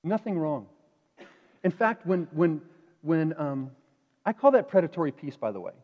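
Animated preacher, higher-voiced man. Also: moderate pace. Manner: animated, acts out inner voices; conversational, asks the congregation questions. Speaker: pastor. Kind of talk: sermon. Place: church sanctuary. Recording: dull reverberant church hall.

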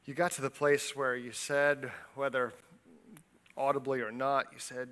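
A man preaching a sermon, retelling a story with lively voices for its people and dropping quiet for personal appeals. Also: medium pitch, a little slow. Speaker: pastor.

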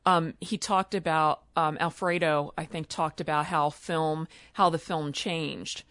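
A woman chatting casually on a podcast, telling lively anecdotes. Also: deep voice, a little slow, no room sound. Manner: chatty, animated storyteller. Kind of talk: casual chat.

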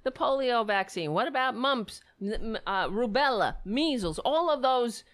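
A woman's voice: a little high, animated, moderate pace, a bit bright. A woman giving sarcastic, exasperated commentary, swearing freely as she rebuts. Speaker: commentator reacting to clips. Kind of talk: ranting commentary.

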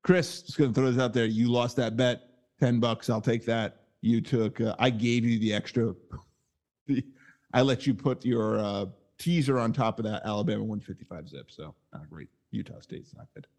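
A man hosting a casual podcast chat over a video call, telling an excitable story. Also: mid-range voice, moderate pace. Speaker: podcast host.

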